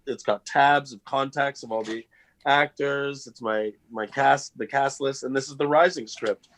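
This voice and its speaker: Guy on a video call, chill and rambly, normal pitch, keeps restarting sentences. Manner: relaxed, rambling, halting restarts. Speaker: actor guest. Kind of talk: casual interview chat.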